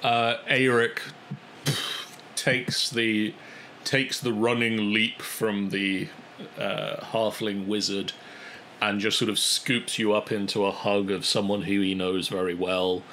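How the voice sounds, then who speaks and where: A man is the game master of a tabletop role-playing session. He narrates slowly and hesitantly in a low, bright voice, with plenty of fillers. A faint noise floor sits under the recording. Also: flat delivery, poor audio. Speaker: dungeon master.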